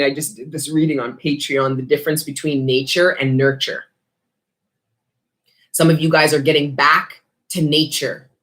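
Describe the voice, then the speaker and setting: A woman giving a casual spiritual tarot reading, talking bluntly with lots of swearing and street slang. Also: sits low. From Canada. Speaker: tarot reader.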